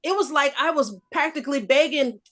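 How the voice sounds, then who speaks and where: A woman in her fifties telling a personal story in a casual group discussion, animated and emphatic. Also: high voice, fairly quick. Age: 50s. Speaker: discussion panelist.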